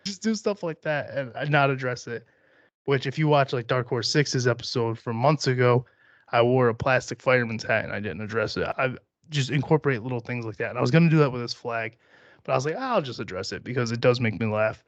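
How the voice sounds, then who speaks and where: A young man hosts his own podcast alone, rambling from one joke to the next with casual profanity. His voice sits at a middle pitch. The recording is dry and a little dull. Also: brisk, no echo. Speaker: podcast host. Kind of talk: solo rambling podcast chat.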